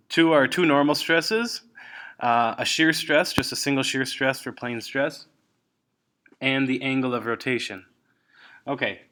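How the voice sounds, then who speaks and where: A man lectures on engineering mechanics, explaining a worked example out loud. His mid-range voice moves along with many ums and restarts, correcting himself as he goes. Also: medium pitch. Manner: halting, many fillers and self-corrections. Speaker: engineering instructor. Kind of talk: recorded lecture walkthrough.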